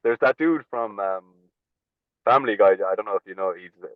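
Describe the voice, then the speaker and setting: Low, quick-talking Irish man on a tinny line. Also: no echo. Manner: blunt, swears freely, chuckles through stories. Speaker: podcast guest, slap fighter. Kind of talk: casual storytelling chat. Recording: tinny phone-like line, dry.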